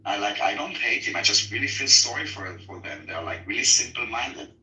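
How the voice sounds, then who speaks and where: A man's voice: lowish voice, expressive, pushed and bright. A man in a heated debate who insists on his points but often stalls, searching for words. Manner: insistent but halting, many fillers and restarts. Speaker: debater in an online voice room. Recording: distant, roomy, faint noise.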